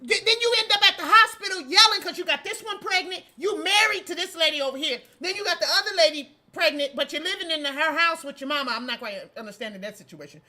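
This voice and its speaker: A woman's voice: extremely high pitch, lively intonation, fast, few pauses, bright, forceful tone. A middle-aged woman hosting a casual commentary show, sassy and scolding, breaking into laughs as she lectures. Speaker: host.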